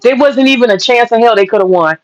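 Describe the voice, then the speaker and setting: A man's voice: extremely high pitch, quick pace, low-quality recording. A man telling a story in a casual monologue, emphatic and profane, repeating lines for punch. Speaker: storyteller recounting political campaign work.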